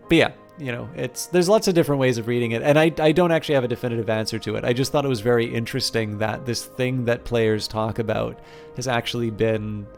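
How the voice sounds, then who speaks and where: A man's voice: mid-range voice, gravelly, darkish tone. A man streaming a game late at night, tired and rambling with lots of fillers. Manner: rambling and hesitant, many fillers. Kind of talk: casual live-stream chat while playing.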